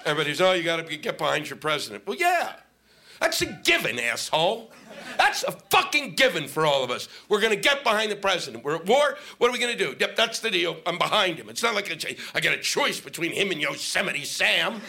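A man's voice: high voice, big pitch swings, a little fast, gravelly, sharp tone. A middle-aged male stand-up comic on stage, ranting in a sarcastic, profane way. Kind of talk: stand-up comedy set. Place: comedy stage before a live audience.

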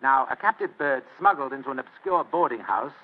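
An actor playing a clever, idle Victorian gentleman in an old radio drama, wry and unhurried. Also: medium pitch, expressive. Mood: scheming. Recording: tinny old radio recording.

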